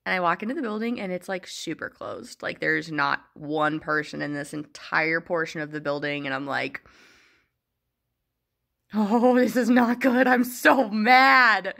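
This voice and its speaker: A woman's voice: lowish voice, gravelly, pushed and bright. A young woman telling a rambling, exasperated story in a casual vlog, with sarcastic asides. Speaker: vlogger.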